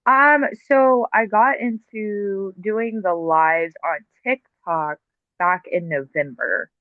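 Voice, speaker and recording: A woman's voice: medium pitch, takes it slowly, no room sound. A woman speaks as a podcast guest, explaining things in a loose, filler-heavy way. Her voice arrives over a thin, phone-like line with a dry, close sound. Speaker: podcast guest, TikTok live host. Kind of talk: casual conversational interview.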